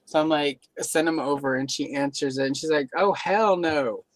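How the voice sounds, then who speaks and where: A man's voice: mid-range voice, a little fast. A man chatting casually on a live stream, telling workplace stories and acting out the voices of the people in them. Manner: animated storyteller who acts out quoted voices. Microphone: live stream microphone.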